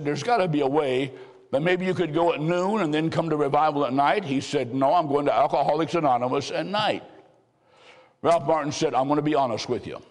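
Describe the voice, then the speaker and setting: A male preacher telling revival stories in a sermon, shifting between loud exclamations and slow, hushed emphasis. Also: a little high. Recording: long hall reverb.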